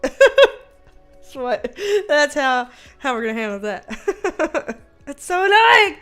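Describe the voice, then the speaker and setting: A young American woman hosts a casual livestream chat, a bit tipsy, giggly and rambling, casually swearing as she reads the chat aloud. Her high, sing-song voice is slightly bright, slow-paced with long pauses, and faint music plays behind her.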